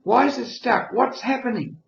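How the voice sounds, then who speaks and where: A man's voice: very high voice, moderate pace, creaky, pitched above the performer's own voice. An elderly man in his eighties voicing an older woman nurse in her sixties, asking urgent questions. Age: 80s. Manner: insistent questioning. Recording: echoey lo-fi room recording.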